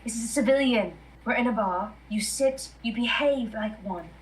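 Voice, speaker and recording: A woman's voice: fairly high pitch, moderate pace, distant mic, lightly acted, low-quality recording. A woman voicing a bossy female spellcaster in a tabletop game, with commanding, clipped orders. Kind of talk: tabletop game role-play.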